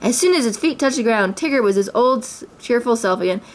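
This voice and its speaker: A woman's voice: on the high side, fairly quick. Woman reading a storybook aloud. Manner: clear, expressive narration.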